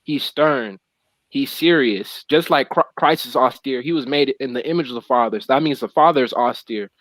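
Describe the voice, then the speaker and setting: A man's voice: medium pitch, moderate pace, fairly bright tone, no echo, poor audio. A young man in casual religious discussion who reads long scripture passages aloud in slangy everyday talk. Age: young adult. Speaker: co-host of religious talk show.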